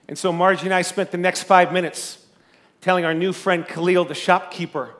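High-voiced male pastor preaching. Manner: storytelling, animated and conversational; loud speaking voice. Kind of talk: sermon.

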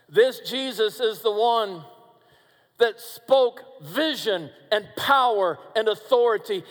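Male preacher, kinda high voice, slow and dramatic, goes loud then hushed, big echo. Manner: dramatic, swings from booming to hushed; addresses listeners directly as friends. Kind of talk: sermon.

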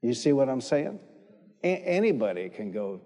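A man's voice: medium pitch, sing-song, moderate pace, warm tone. A man preaching a sermon, emphatic, repeating phrases and calling on the congregation to respond. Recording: echoey hall with long reverb.

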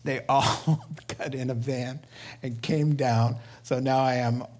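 A middle-aged man preaching a sermon as pastor, telling stories with lively voiced quotes and laughter. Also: medium pitch, takes it slowly.

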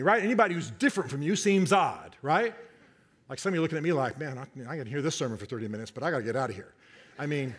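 A man preaching a sermon to a congregation, animated and joking, often repeating and restarting his words. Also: a little high. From Southern United States, half his family.

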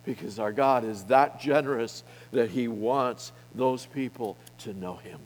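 A middle-aged man preaching a sermon to a men's gathering, speaking boldly and emphatically, with his loudness rising and falling widely. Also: mid-range voice, unhurried. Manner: bold, emphatic preaching with wide swings in loudness. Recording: long reverb of a hall.

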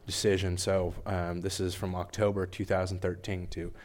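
A young man giving an earnest, emotional testimony at church, halting and restarting as he speaks. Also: deep voice, level tone, darkish tone.

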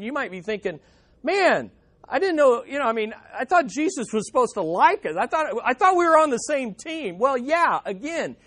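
A male pastor delivering a sermon with a very lively, rising and falling pitch. He stresses his points by repeating key phrases, and he quotes imagined voices with dramatic swings from loud to hushed.

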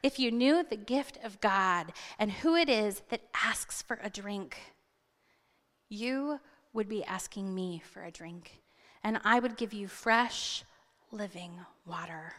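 A woman reading a calm male teacher: low, soft and kindly, in a reverberant hall. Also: takes it slowly. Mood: gentle. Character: gentle, calm male teacher offering living water.

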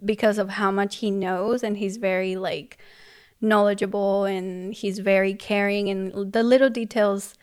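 A soft-spoken woman whose first language is Spanish chats casually as an interview guest. She fills her talk with "like" and laughs easily. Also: medium pitch, level tone, unhurried, clean tone. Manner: soft, laughs often, many fillers. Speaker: podcast guest.

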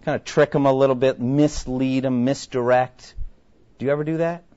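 A man's voice: mid-range voice, steady tone, normal speed, dark tone, lo-fi sound. A man preaching a sermon in a conversational way, often putting questions to his listeners.

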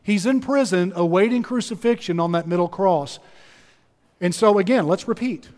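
A man's voice: high voice, normal speed, a little mellow, big-room sound. A man preaching a sermon as pastor, telling the story emphatically and repeating key phrases.

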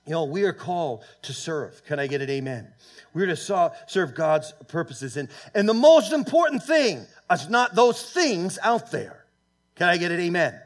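Male pastor, fairly high voice, emphatic sermon delivery with halting restarts. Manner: emphatic preaching that swings between loud peaks and quiet, low asides; halting, with many fillers and restarts. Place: church sanctuary.

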